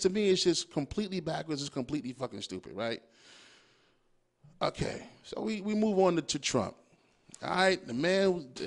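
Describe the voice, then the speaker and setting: Animated high-pitched man ranting. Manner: animated, swearing freely, riffing with rhetorical questions. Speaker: podcast host. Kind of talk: profane casual monologue.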